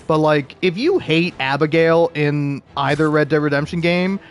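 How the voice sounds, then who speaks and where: A man's voice: on the high side, normal speed, a little hiss or hum. A young man talking casually about video games, rambling with lots of fillers and frequent laughs. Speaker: video game commentator.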